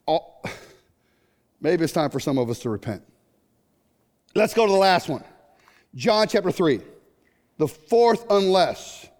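A middle-aged man preaching a sermon, animated and jokey, breaking into sudden shouts. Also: a little high. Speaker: pastor. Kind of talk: sermon with comic stories. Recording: long hall reverb.

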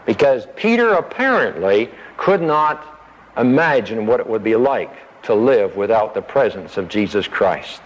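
A man teaches through a Bible passage, verse by verse, and at times acts out the disciples' words in a higher, pleading voice. The sound is a dull radio broadcast with a long reverb trailing behind him. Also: lively intonation, normal speed.

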